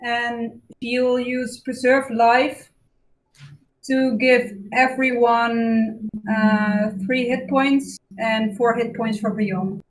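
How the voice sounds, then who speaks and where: A woman playing a tabletop game over a call, describing her character's actions slowly and deliberately. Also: fairly high pitch, little pitch movement, poor audio. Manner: slow, deliberate, with fillers. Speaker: player.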